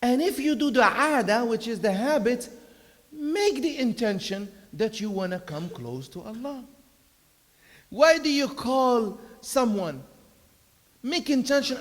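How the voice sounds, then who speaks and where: A man with a high voice gives a Friday sermon in a mosque prayer hall, and his words ring out with a long reverb. He preaches in a chatty way, pushing hard on key words, then drops to a soft voice for stories and asides. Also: lively intonation, a little slow. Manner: conversational preaching with emphatic bursts and soft storytelling asides. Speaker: imam giving Friday khutbah.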